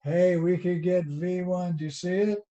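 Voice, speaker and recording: A man's voice: sits high, steady tone, moderate pace, dark tone. A man with a Southern US accent teaching a college lecture over a video call, chatty and folksy, asking rhetorical questions as he explains. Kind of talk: online lecture.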